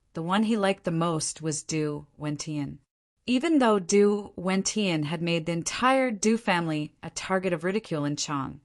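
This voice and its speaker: A woman narrating a translated novel audiobook in a steady storytelling manner. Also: on the low side. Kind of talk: scripted narration.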